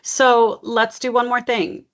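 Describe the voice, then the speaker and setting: A woman from California working as a dialect coach, explaining ideas in a measured, encouraging way. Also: fairly high pitch, steady tone. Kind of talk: one-on-one coaching session. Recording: dull lo-fi recording.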